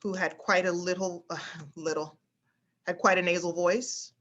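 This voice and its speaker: A woman speech instructor teaching voice exercises in an online class, often demonstrating bright high exclamations. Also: fairly even intonation, normal speed, lo-fi sound. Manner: demonstrates pitches with exaggerated exclamations, frequent fillers.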